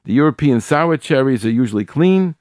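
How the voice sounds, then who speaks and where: Older man with halting, repetitive radio instructions. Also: mid-range voice, lively intonation, a little mellow, no echo, clean studio sound. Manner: repeats key steps, frequent restarts and stammers; emphatic, stressing single words. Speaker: radio host giving kosher food guidance.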